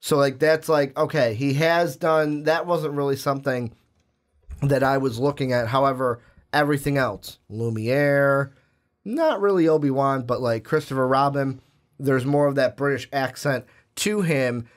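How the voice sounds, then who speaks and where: Speaking in a mid-range voice at a moderate pace, a young podcast co-host talks casually about movies. He goes on at length with lots of restarts and fillers, eventually arriving at pointed questions.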